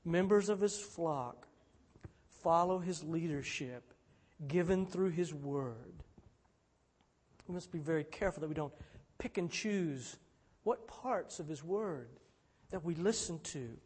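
Slow, high-voiced man preaching. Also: animated, breathy edge. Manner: rises to emphatic peaks then drops low and soft; slow, measured phrasing with repeated refrains. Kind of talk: sermon.

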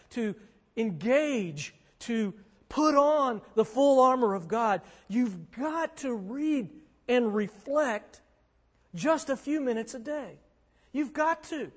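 A man preaching as a pastor, earnest and conversational, driving points home with emphatic repetition. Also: very high voice. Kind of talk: sermon. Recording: long hall reverb.

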